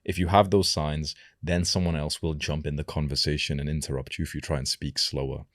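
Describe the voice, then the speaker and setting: A young man coaching viewers in a direct-to-camera vlog, instructive and deliberate, demonstrating his own voice as he explains. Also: rumbling low, level tone, no room sound, clean studio sound. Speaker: self-improvement coach.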